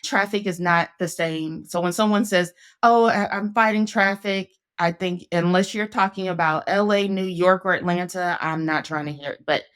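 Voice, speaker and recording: A woman's voice: on the low side, normal speed, few pauses, a bit bright, smooth. A woman hosting a casual conversation, telling her story in an earnest, reflective way. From Northeast Ohio, USA. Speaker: podcast host.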